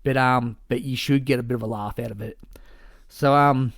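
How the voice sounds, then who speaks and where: A man's voice: medium pitch, fairly even intonation, normal speed. A man talking alone on his podcast in an easygoing, meandering way. His voice sits in the middle range, and his speech is full of swearing and false starts. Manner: rambling and casual, with frequent swearing and restarts. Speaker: podcast host. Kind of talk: solo podcast monologue.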